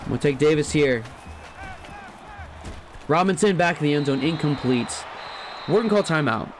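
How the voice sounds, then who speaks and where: A man giving casual let's-play commentary on a football video game, chatty and thinking aloud, laughing at himself and jumping to loud shouts at big plays. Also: on the high side, lively intonation, moderate pace, soft background music. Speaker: gaming commentator.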